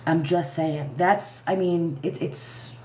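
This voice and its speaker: A woman's voice: on the low side, steady tone, slow, mellow, reverberant, a little hiss or hum. A woman hosting a livestream who rants angrily with heavy swearing and keeps trailing off and restarting. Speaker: livestream host. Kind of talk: angry live commentary.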